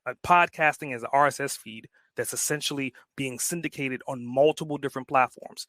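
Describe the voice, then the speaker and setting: A man talking on a podcast as an entrepreneur guest, emphatic and blunt, swearing freely and picking up speed when excited. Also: medium pitch, brisk, dry recording. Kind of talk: casual podcast conversation.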